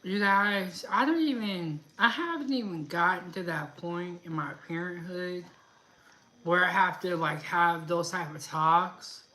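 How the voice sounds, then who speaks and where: Bright-voiced chatty woman live streamer. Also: on the low side, measured pace. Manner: chatty, laughs often, reads viewer comments aloud. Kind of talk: casual chat reading live comments.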